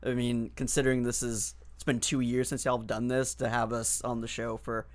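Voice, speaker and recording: A man guest on a podcast in casual chat, joking and tossing in quick quips. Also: mid-range voice, flat delivery. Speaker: guest, YouTube channel member.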